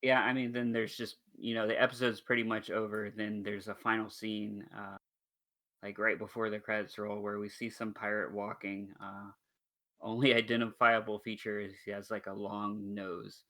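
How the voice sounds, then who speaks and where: A man's voice: fairly low pitch, level tone, normal speed, sharp tone. A young man co-hosting a podcast, chatting loosely with fillers. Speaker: podcast co-host. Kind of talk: casual chat.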